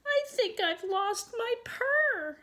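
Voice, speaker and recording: Lady doing a little squeaky kitten, sad and plaintive, storybook voice. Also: lively intonation, slow pace, sharp tone, heavily acted. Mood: pleading. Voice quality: high, plaintive. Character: small sad determined female kitten.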